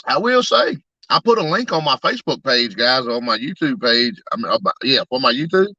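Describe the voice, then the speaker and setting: Bright-voiced man chatting live. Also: mid-range voice, big pitch swings, a little fast, breathy edge, no room sound, dull audio. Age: 30s. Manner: chatty, laughing, talks straight to the chat. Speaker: truck tire shop owner and YouTuber. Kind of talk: casual live-stream chat.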